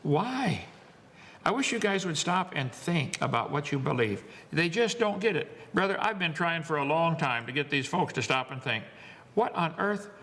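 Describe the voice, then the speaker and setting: A man's voice: a little high, sing-song, normal speed, fairly bright tone, long reverb tail. A man giving a lecture to an audience, wisecracking, preachy and emphatic. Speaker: seminar speaker.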